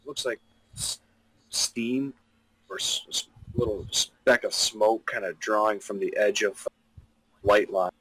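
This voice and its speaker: A man narrating as game master of a tabletop game, describing scenes haltingly with many restarts, while he has the hiccups. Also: fairly low pitch, bright, forceful tone, breathy edge, no room sound, poor audio.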